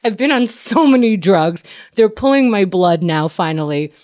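A young woman telling a story in casual chat, animated and laughing, slipping into silly voices for other people. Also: mid-range voice, moderate pace. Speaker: podcast co-host telling a story.

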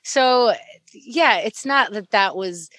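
A woman co-hosting a podcast, chatting in a casual comedic way, animated and swearing freely as she acts out quotes. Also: medium pitch, slow, no echo. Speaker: podcast co-host.

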